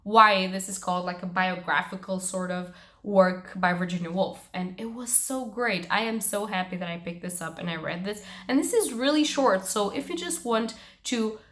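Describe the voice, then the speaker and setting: A woman's voice: medium pitch, normal speed. Gushing young woman reviewing books. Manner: gushing and expressive, frank with casual swearing. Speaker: book vlogger. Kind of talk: casual book review monologue.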